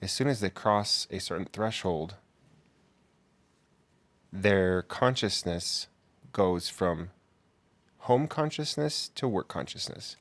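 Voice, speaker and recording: Male podcast co-host, very low pitch, easygoing and unhurried. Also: a bit bright. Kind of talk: casual chat.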